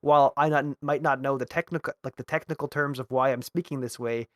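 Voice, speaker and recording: Mid-pitched male host from Canada, hesitant and agreeable, dry close mic. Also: steady tone, fast, no room sound. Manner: hesitant, restarts and agrees often. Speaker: podcast host. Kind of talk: casual interview chat.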